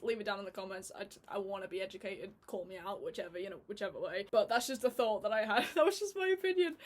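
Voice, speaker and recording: A woman giving a casual chat review on her channel, chatty and laughing often, with lots of fillers and restarts. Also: medium pitch. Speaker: YouTube reviewer.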